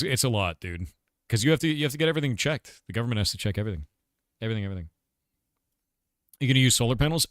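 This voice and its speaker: A man's voice: on the low side, fairly bright tone, dry recording, clean studio sound. A man casually chatting with his livestream audience, rambling and blunt, swearing now and then. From United States. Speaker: streamer and game developer.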